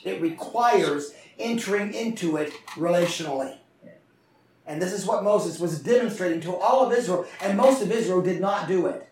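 A man's voice: high voice, a little mellow, a little hiss or hum. Man, pastor, impassioned sermon, call-and-response, echoey church, distant mic. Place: church sanctuary. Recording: echoey room from far off.

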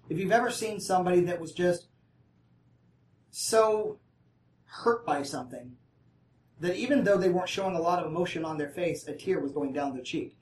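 Recorded on a distant mic in a roomy, echoey space, a medium-pitched Bible study leader reads passages aloud and then casually explains them. Conversational and talkative, he keeps asking the group questions and checking in with them.

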